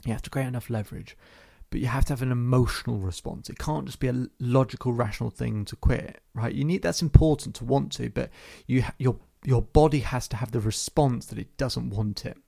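Man, podcast host, hypnotherapist, gravelly, husky, calm storytelling, repetitive phrasing. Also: mid-range voice, fairly quick, few pauses.

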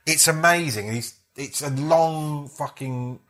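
A man's voice: fairly high pitch, slow pace, fairly bright tone. Meandering male comedian guest. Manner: meandering, self-interrupting, laughing asides. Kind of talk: casual comedic chat.

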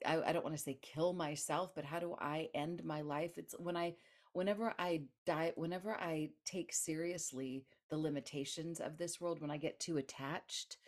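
Low-voiced woman telling a vivid story. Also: normal speed. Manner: animated, laughs and acts out voices. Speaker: guest author. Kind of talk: storytelling in an interview.

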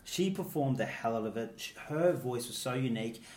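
A man's voice: mid-range voice, expressive, fairly quick, darkish tone. Gushing man in an echoey room. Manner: enthusiastic, gushing, laughs often. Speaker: podcast co-host. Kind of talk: casual chat.

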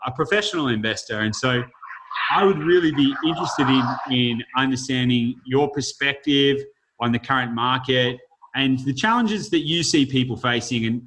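A man's voice: mid-range voice, a bit bright, poor audio. Man, panel host, casual chat, rambling, filler-heavy. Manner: rambling, reflective, with many fillers. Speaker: host of an online panel discussion.

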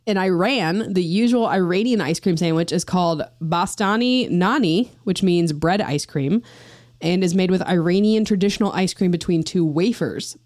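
A woman's voice: lowish voice, normal speed, darkish tone, dry recording, clean studio sound. A woman co-hosting a casual podcast, reading out facts with playful, jokey asides. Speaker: podcast co-host.

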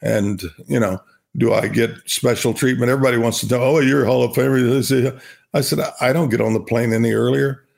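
Older gravelly Oklahoma man reminiscing. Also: mid-range voice, fairly even intonation, brisk. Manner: storytelling, repeats himself, warm laughs. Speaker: guest, retired baseball player. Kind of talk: relaxed interview talk.

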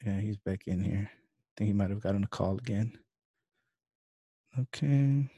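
A young man hosting a podcast over a video call, chatting casually and acting out quotes in a louder voice. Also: on the low side, moderate pace, breathy edge, dry recording. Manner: animated, acts out quotes in a raised voice. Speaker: podcast host. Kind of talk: casual interview chat.

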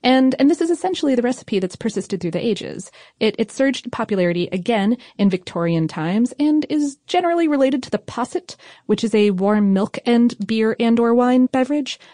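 A woman's voice: fairly high pitch, expressive, fairly quick, hardly any pauses, warm tone, no room sound, studio quality. A woman co-hosting a podcast who explains food history in a chatty, informal way, with fillers and small laughs. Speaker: podcast co-host. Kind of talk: casual chat explaining history.

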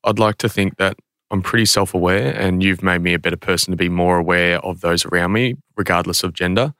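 A man, a company CEO, answering as a podcast guest in a measured, thoughtful way. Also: low voice, steady tone, a bit bright, no room sound, studio quality. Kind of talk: interview answers.

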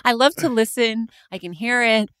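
A woman's voice: on the high side, normal speed, a bit bright, smooth, no room sound. A woman comedian guesting on a podcast, teasing the hosts playfully. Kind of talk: casual comedic chat.

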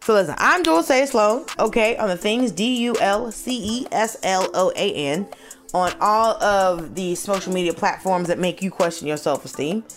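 A woman co-hosting a comedy podcast, arguing in a brash, animated way and swearing freely. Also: mid-range voice, normal speed. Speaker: podcast co-host. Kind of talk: casual comedic debate.

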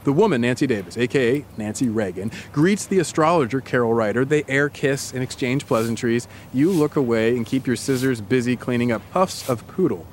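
A man's voice: medium pitch, lively intonation, fairly quick, hardly any pauses, a little hiss or hum. Man telling a story in second person. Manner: dramatic, builds scenes. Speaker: podcast host.

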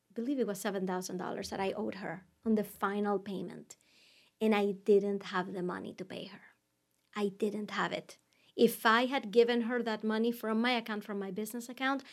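A middle-aged woman hosting her own podcast, telling a candid story that rises to emphatic points. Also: medium pitch. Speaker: podcast host and business coach. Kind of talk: solo podcast monologue.

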